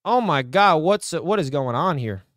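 A man's voice: fairly high pitch, lively intonation, a little slow, fairly bright tone, no echo, studio quality. A young man hosting a live stream, reacting to sports news with hyped, rambling chatter aimed at his chat.

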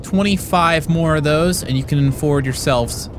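A man giving comedic gameplay commentary as a YouTuber, goofing around and yelling playful threats at other players. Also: on the high side, moderate pace, noisy background. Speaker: gaming YouTuber.

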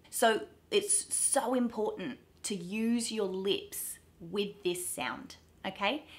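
A young Australian woman teaching pronunciation, drawing out vowel sounds slowly and clearly as she demonstrates them. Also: mid-range voice, fairly bright tone. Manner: slow, drawn-out demonstration of sounds. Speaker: accent coach. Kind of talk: pronunciation lesson to camera.

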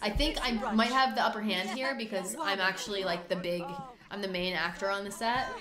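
Excitable woman doing game commentary, roomy. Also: mid-range voice, brisk, crowd noise. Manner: excitable, swears freely, joking self-mockery. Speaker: gaming video host. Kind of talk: let's-play commentary. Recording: roomy room sound.

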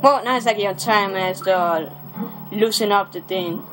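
A man's voice: high-pitched, low-quality recording. Young man chatting over game music. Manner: chatty, rambling, restarts often, quick mild cursing. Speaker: let's play gamer. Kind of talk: casual gameplay commentary.

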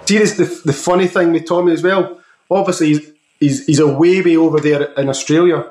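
A man hosting a rock talk show, asking questions and telling stories in a relaxed, jokey way. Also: a little high, brisk. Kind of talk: casual interview questions. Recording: roomy echo.

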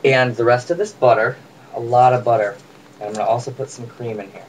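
A man's voice: mid-range voice, fairly even intonation, fairly quick. A man casually demonstrating a recipe in his home kitchen, chatty and joking with viewers. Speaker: home cook vlogger. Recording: distant mic with faint room noise.

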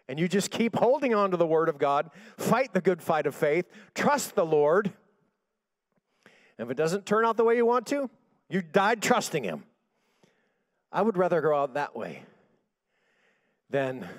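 A pastor preaching a sermon, telling a story in a hushed voice and rising to shouted declarations. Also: male voice, on the high side, sing-song, a little slow, pauses often, dry recording.

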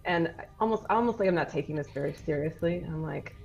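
A woman's voice: sits low, fast, gravelly, darkish tone, soft background music. A woman player joking offhandedly during a tabletop game, on dull lo-fi audio. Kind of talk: casual tabletop game chat.

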